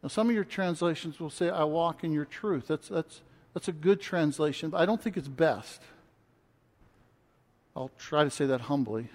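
A man preaching a sermon, reading scripture and speaking with passion that builds to near shouts. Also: a little high, moderate pace, long pauses. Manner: impassioned, rising to shouts when quoting. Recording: long hall reverb.

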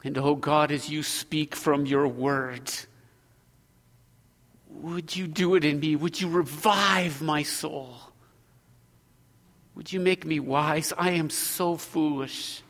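A man preaching a sermon as pastor, earnest, moving between loud exhortation and hushed prayer. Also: fairly high pitch, fairly even intonation, slow, long pauses, in a large hall.

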